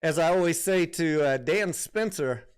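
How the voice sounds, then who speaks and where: Smooth-voiced man hosting a market livestream. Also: fairly high pitch, unhurried. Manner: chatty, reads viewer comments aloud, thinks out loud. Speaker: stock market livestream host. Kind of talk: casual livestream commentary.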